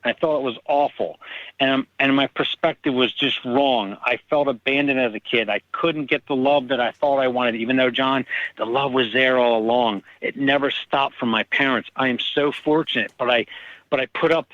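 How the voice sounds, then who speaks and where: A man, an author, telling personal stories in casual conversation and lively acting out the people in them. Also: medium pitch, normal speed, no echo, muffled recording. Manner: animated, acts out quoted people. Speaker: author guest. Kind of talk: casual storytelling.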